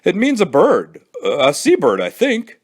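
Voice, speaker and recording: A man's voice: sits high, wildly swooping pitch, measured pace, breathy edge, voice pushed up, exaggerated voice. A man voicing an easygoing, amused father in a storybook read-aloud, with a dry manner.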